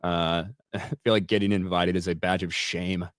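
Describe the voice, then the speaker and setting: A man's voice: sits low, level tone, moderate pace, hardly any pauses, no echo, studio quality. Blunt, profane young man co-hosting. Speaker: co-host. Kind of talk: casual podcast chat.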